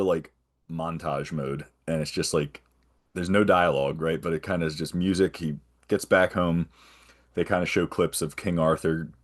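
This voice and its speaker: A man guesting on a podcast, casually retelling a film's plot in a rambling way and often tagging on "right?". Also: very deep voice. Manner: rambling, checks in with frequent "right?". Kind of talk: casual film recap.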